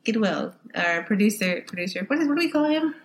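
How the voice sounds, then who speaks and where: A woman's voice: mid-range voice, big pitch swings, quick pace, a little hiss or hum. A woman with a Texan accent, co-hosting a casual podcast, chatting and laughing a lot as she reads out monster lore. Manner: giggly, bubbly, chatty. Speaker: podcast co-host. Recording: roomy sound.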